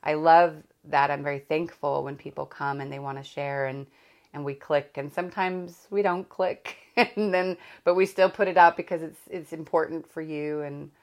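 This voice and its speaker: A woman's voice: low voice, fairly even intonation, normal speed. A woman hosting a podcast, chatting casually in a rambling, candid way that often corrects itself mid-sentence. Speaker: podcast host. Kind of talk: casual chat.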